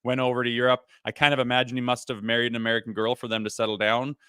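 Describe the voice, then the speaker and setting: A man's voice: mid-range voice, completely flat delivery, rapid-fire, fairly bright tone, smooth, dry recording, studio quality. A man co-hosting a casual sports talk show, blunt and opinionated, swearing freely as he rants. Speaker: podcast co-host.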